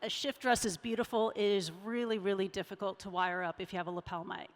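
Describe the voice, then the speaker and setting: A woman's voice: mid-range voice, fairly even intonation, quick pace. A middle-aged woman giving a conversational, emphatic talk on public speaking as a keynote speaker at a summit. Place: large event hall. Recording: reverberant conference hall.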